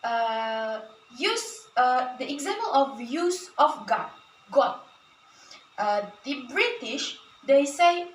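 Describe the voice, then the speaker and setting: A young woman and native Indonesian speaker giving a halting class presentation, with many fillers and restarts. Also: high-pitched, very animated, slight background noise. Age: young adult. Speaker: student presenter. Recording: echoey room, from a distance.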